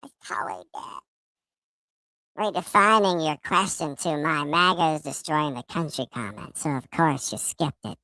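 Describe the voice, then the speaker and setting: A man's voice: fairly high pitch, measured pace, bright, forceful tone, pitched above the performer's own voice. A man doing a whiny sneering troll. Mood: mocking. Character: whiny mocking online troll, adult, smug.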